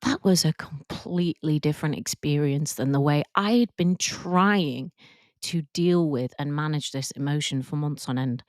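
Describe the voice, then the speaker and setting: A woman coach hosting a podcast, telling a personal story in a soft, reflective and openly emotional way. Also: deep voice, normal speed, no room sound, studio quality. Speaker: podcast host and work confidence coach.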